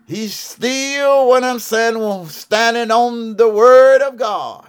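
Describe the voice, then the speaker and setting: A man's voice: high-pitched, a bit bright, clear, resonant tone. A man in his seventies from Georgia with a Southern accent, making a fervent televangelist appeal, repeating himself and calling out to listeners. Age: 70s. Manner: preachy, repeats "what I'm saying", calls out "yes ma'am, yes sir". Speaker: televangelist prophet. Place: broadcast studio.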